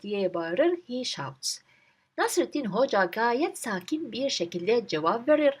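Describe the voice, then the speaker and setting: A woman's voice: on the high side, very animated, measured pace, slightly rough. A woman teaching the language, reading a short story line by line and explaining each word in English. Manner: reads a line, then breaks it down word by word.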